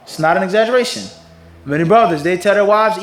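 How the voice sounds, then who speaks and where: High-voiced man lecturing in an echoey room. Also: quick pace. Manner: rhetorical questions to the audience, sarcastic mimicry. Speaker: mufti teaching hadith. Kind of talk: Islamic lecture.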